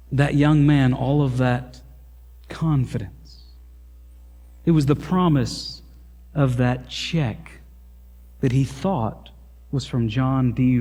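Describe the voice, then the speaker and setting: A male pastor preaching a sermon, telling a story in an animated, emphatic way. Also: medium pitch, long reverb tail.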